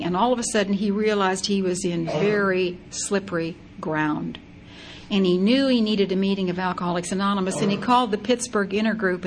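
An older woman sharing her recovery story as a personal testimony, lively and acting out her own past thoughts in quotes. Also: mid-range voice, background noise.

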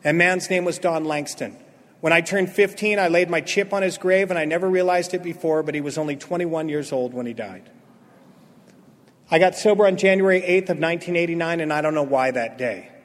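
A man delivers his recovery testimony to a meeting at a brisk clip, his voice high and lively. He performs the quotes of people in his story and shifts between loud and hushed tones as a long hall reverb lingers after each phrase.

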